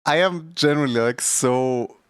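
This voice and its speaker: A man's voice: medium pitch, normal speed, smooth, dry recording, clean studio sound. A young man streaming and chatting casually, rambling with lots of fillers. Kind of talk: casual chat.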